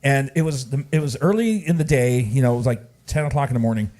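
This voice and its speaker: A man's voice: mid-range voice, quick pace, mellow. Guy hosting a coffee shop open mic, loose rambling story, lots of uh and you know. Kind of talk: casual emcee banter and anecdote.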